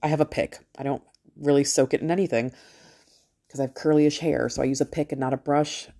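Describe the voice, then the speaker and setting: A woman's voice: low voice, fairly even intonation, a little fast, dark tone. A middle-aged woman hosting a podcast, talking in a casual, rambling monologue, blunt and swearing freely. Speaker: podcast host.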